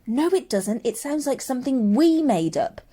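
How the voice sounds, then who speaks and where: Earnest determined boy, urgent, mellow warm tone, a woman reading him. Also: medium pitch, expressive, measured pace, pitched above the performer's own voice. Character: earnest determined young boy, the narrator-hero.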